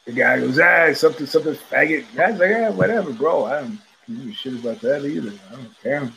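A man's voice: medium pitch, a little fast, vocal fry, a bit bright, a little hiss or hum. An older man hosting a casual talk show, rambling through stories and acting out the voices of people he quotes. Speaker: podcast host. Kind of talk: casual storytelling chat.

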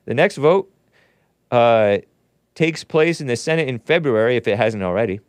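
A man's voice: mid-range voice, expressive, moderate pace, smooth, no echo. A man hosting his own commentary show, reading news aloud and scoffing at it with sarcastic asides. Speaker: host. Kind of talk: opinionated commentary show monologue.

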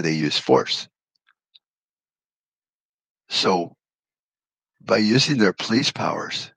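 A middle-aged man with a very low, husky voice delivers a profane, blunt rant into a close podcast mic. The room sounds dry and dead, and he leans on folksy comparisons to make his point. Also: fairly bright tone, dry recording, poor audio. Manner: blunt, swears freely, folksy analogies. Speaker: podcast host.

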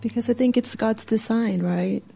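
A woman answering questions in short, hesitant, soft-spoken replies. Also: a little high, moderate pace, creaky, breathy edge. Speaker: audience member answering questions.

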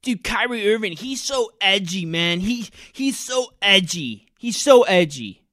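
A man hosting a podcast, ranting angrily with loud mocking sarcasm and jeering mimicry. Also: high voice, very animated, a little slow, no room sound, clean studio sound. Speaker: podcast host. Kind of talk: angry ranting commentary.

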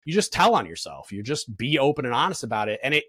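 A man's voice: medium pitch, very animated, fast, a bit bright, slightly rough, no room sound. A man in his thirties, a podcast guest, telling work stories in casual chat with lots of fillers and swearing. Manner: blunt, profane, storytelling with lots of fillers.

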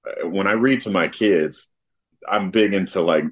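A man talking casually in an interview, relaxed and rambling, with lots of fillers. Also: sits low, moderate pace, breathy edge. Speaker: guest, artist and father.

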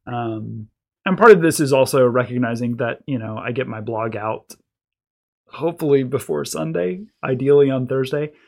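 A man with a gravelly, medium-pitched voice speaks at a normal pace. He's a pastor who co-hosts a faith podcast with his wife, and he chats casually and relaxed, with lots of fillers and restarts.

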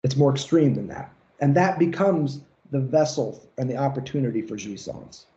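A man's voice: mid-range voice, animated, moderate pace, mellow. Casual swearing man lecturing, dull audio. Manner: casual, swears freely, acts out mocking rants. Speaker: lecturer on psychoanalysis. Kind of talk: recorded seminar lecture.

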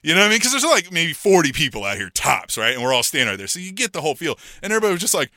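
A middle-aged man co-hosting a podcast in casual chat, telling a story in an animated way and acting out what people said. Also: a little high, very fast, dry recording, studio quality. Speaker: podcast co-host.

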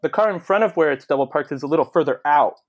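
A man co-hosting a casual podcast, his voice sitting a little high for a man. He tells stories with energy, swears freely and acts out the lines of the people in them. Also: quick pace. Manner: animated storyteller, swearing, acting out quoted voices. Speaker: podcast co-host. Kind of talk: casual storytelling chat.

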